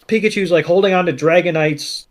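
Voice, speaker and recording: A man co-hosting a podcast, retelling an episode in casual chat with animated, swear-laced storytelling. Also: high-pitched, brisk. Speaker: podcast co-host.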